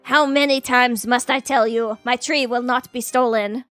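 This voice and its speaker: A woman's voice: high voice, very animated, normal speed, bright, forceful tone, faint music behind, full character voice. A woman voicing a haughty, aristocratic male bird who acts as student council president, reading the game's dialogue aloud in a pompous, disdainful way.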